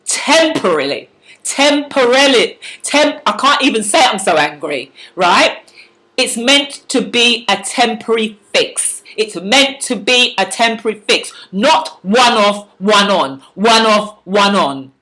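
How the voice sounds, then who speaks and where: A woman's voice: mid-range voice, lively intonation, a little slow, bright, forceful tone. A woman speaking in a fiery, preachy monologue to camera, repeating words and restarting sentences as she presses her point. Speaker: vlogger giving life advice.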